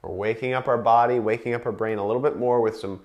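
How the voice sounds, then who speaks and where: A man leading a chair yoga breathing class, counting breaths slowly and calmly and explaining each exercise. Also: mid-range voice, highs cut off. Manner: slow, calm counting with explanations.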